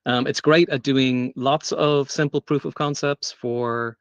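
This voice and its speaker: A man's voice: medium pitch, steady tone, a little slow, dry recording. Casual man presenting a live demo. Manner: casual, thinking aloud with fillers and restarts. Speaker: meetup presenter. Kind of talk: live tech demo talk. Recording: dry, dull lo-fi sound.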